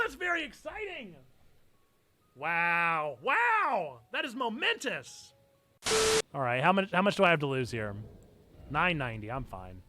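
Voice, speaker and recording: A young man streaming a video game live, commenting as he plays and breaking into excited shouts. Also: high-pitched.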